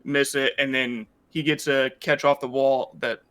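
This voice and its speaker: A young man, a player, answering interview questions over a voice call in a relaxed way, with short replies and easy laughs. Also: medium pitch, measured pace. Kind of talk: post-match interview over voice chat.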